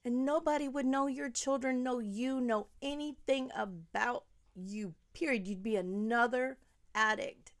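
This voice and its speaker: A woman commentary vlogger with a fairly high voice speaks a little slowly in a heated, rambling monologue. She addresses the person she's criticizing directly and sometimes drops to a whisper.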